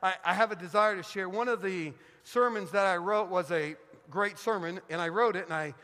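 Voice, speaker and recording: A middle-aged man preaching in a church, telling funny stories in an animated, joking way. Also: high-pitched, brisk, big-room sound. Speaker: guest pastor. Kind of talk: sermon with storytelling. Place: church sanctuary.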